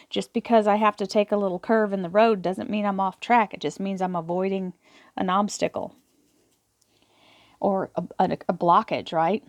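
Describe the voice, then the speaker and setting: A tarot reader's medium-pitched, creaky voice comes through with no echo as she reads affirmations to camera. She explains them with earnest encouragement and frequently repeats words.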